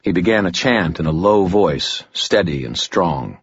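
A male narrator reads a first-person fantasy story in a deep, husky voice. His telling is tense and measured. The recording is dry and dull, with a lo-fi sound. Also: expressive, no echo. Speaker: audiobook narrator.

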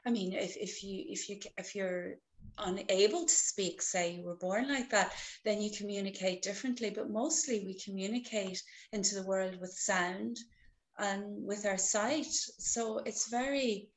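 A woman's voice: medium pitch, a little slow. A woman hosting a podcast who talks reflectively, often repeating words as she gathers her thoughts. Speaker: podcast host. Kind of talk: casual podcast conversation.

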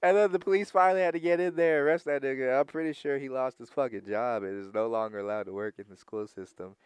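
A young man casually telling a profane, animated story in chat, often laughing. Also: mid-range voice, fast, clean tone, dry recording.

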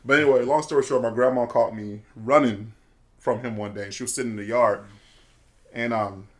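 A man's voice: mid-range voice, fairly even intonation, a little fast. A young man in casual chat, telling stories loosely with lots of fillers and restarts. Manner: loose storytelling, lots of fillers and self-interruptions.

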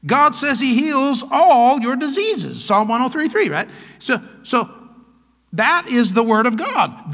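High bright-voiced preaching pastor. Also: male voice, long reverb tail. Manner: emphatic, repeats "come on now" and "hello?". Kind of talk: sermon.

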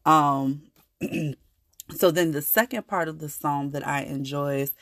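Woman, podcast host, faith talk, low voice, slow and deliberate, dry close sound. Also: steady tone, no echo. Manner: earnest, conversational, emphatic when declaring faith. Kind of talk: casual faith-based podcast monologue.

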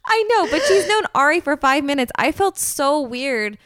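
A woman's voice: high voice, sing-song, moderate pace, a bit bright, no echo, clean studio sound. Snarky sarcastic woman podcast host. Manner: blunt, sarcastic, snarky asides. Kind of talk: casual chat recapping a reality dating show.

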